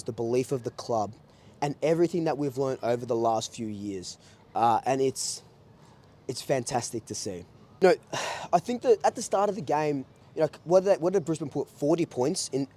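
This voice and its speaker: A young Australian man reviews a football match for his vlog in a warm, mellow voice. He talks with passion and rambles freely, often restarting a sentence or repeating a phrase as he goes. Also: a little high. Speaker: football fan channel host.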